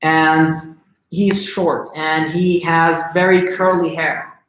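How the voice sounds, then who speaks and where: A man's voice: on the high side, flat delivery, takes it slowly, fairly bright tone, a little hiss or hum. A man telling a religious story in a casual livestream lesson, chatty and often asking the audience questions. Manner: conversational, asks the audience questions. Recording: roomy echo.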